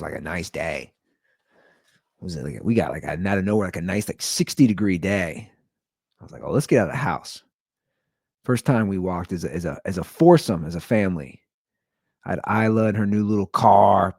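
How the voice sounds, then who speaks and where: A man in his forties hosting a show, telling a comedic story in a rambling, animated way, full of "like.". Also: low-pitched, vocal fry, dry recording, clean studio sound. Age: 40s. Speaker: podcast host.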